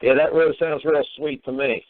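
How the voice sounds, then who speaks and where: A man's voice: fairly high pitch, steady tone, a little fast. A man hosting a call-in talk show, scolding a caller in a profane, sarcastic way. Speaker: host. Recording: phone-quality radio audio.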